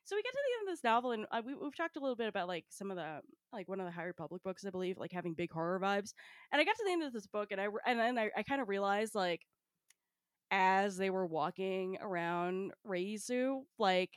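A woman co-hosting a podcast in casual chat, animated and full of fillers like "like" and "uh". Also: medium pitch, dry recording, clean studio sound. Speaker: podcast co-host.

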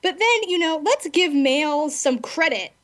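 A woman's voice: high-pitched, animated, normal speed. A woman co-hosting a podcast, chatting casually and ranting bluntly with frequent laughs. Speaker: podcast co-host.

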